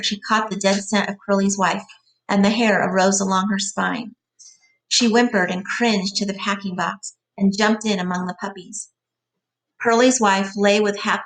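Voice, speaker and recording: Gravelly woman reading a novel aloud. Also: mid-range voice, distant mic. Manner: plain reading with side glosses. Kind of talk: reading aloud with brief explanations.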